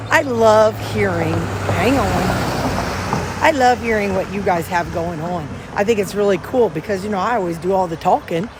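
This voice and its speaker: A woman's voice: fairly low pitch, a little hiss or hum. A woman, a vlogger rambling in folksy casual chat to her viewers while outdoors. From Missouri, USA. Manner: rambling, folksy, chatty, talks straight to viewers.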